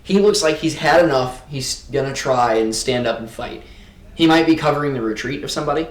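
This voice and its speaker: Man, podcast co-host, casual chat, thinking aloud with fillers, medium pitch, echoey room. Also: brisk. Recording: roomy echo.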